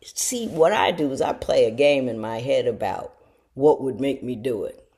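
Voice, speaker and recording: A middle-aged woman, talking straight to her viewers in a folksy, self-mocking monologue. Her voice sits low and warm, with a gravelly edge. She swings her pitch a lot and jumps high when she quotes someone. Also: animated, moderate pace. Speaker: show host talking to viewers. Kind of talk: casual storytelling monologue.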